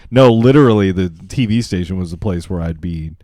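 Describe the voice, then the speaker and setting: A man's voice: deep voice, a little fast, dark tone, no echo, studio quality. A young man co-hosting a casual late-night podcast, rambling through stories, swearing and acting out quotes. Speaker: podcast co-host.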